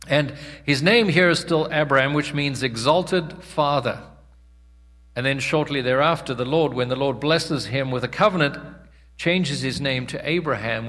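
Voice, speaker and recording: A man's voice: a little high, a bit bright, big-room sound. A man preaching a sermon in a church, reading scripture and then explaining it in plain words with frequent restarts.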